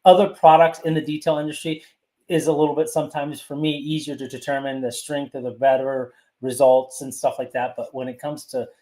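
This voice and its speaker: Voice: mid-range voice, little pitch movement, a little fast, warm tone. A podcast co-host in casual chat, rambling and repeating words while thinking aloud.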